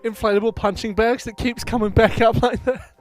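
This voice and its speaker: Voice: medium pitch, fairly even intonation, fairly quick, soft background music. A person in casual banter, joining in the jokes with a dry delivery.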